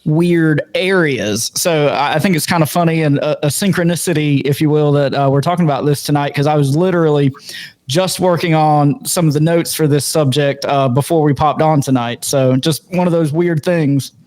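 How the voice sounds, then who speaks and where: Laid back podcast cohost guy, slightly high voice, thinking out loud. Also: normal speed. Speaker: podcast co-host. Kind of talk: casual chat.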